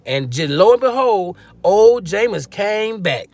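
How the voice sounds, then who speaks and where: A man's voice: high voice, big pitch swings, a little slow, darkish tone, no echo. A man giving a casual, slangy football-fan rant, joking and acting out quotes as he goes. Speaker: sports fan commentator.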